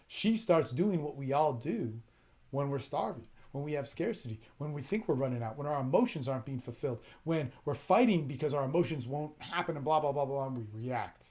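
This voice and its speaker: A man's voice: medium pitch, a little mellow. A man hosting an advice podcast, talking bluntly in a rambling, profane, emphatic way. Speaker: podcast host giving relationship advice. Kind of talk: casual advice monologue.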